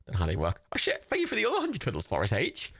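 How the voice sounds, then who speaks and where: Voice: medium pitch, huge pitch swings, rapid-fire, gravelly, fairly bright tone, no room sound, clean studio sound. A young adult streamer hosting a watch party, chatting casually, reading out chat and gifts, swearing freely and laughing often.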